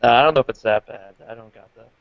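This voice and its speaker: A man's voice: medium pitch, fast talker, a crowd in the background. Laid-back young man on a dull call line. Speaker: guest. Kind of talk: casual interview chat.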